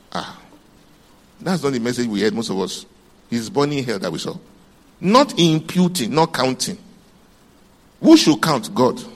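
A male preacher giving a sermon. He quizzes the congregation with questions, swings between loud emphasis and hushed tones, and reads scripture aloud in old-fashioned wording. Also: mid-range voice.

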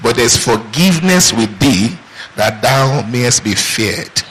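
Bright-voiced male pastor preaching call-and-response. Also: medium pitch, lively intonation, slow, poor audio. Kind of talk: sermon.

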